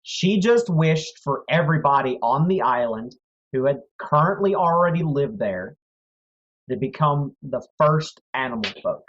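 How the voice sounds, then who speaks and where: A man narrating as game master of a tabletop game, telling the story in a slow, measured way. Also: on the high side, lively intonation, a bit bright. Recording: dull lo-fi audio, faint music.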